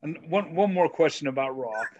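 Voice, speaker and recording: A man's voice: a little high, animated, normal speed. A man hosting an interview over a video call for a library author series, asking hesitant, stammering questions.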